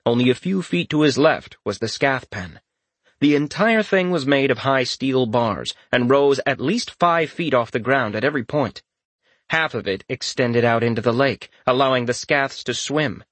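A man's voice: mid-range voice, expressive, moderate pace, fairly bright tone, dry recording. Man narrating a fantasy audiobook, dry.

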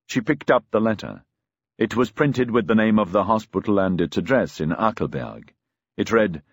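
A man's voice: on the low side, expressive, normal speed, no echo, studio quality. A man narrating a novel as an audiobook, telling the story expressively.

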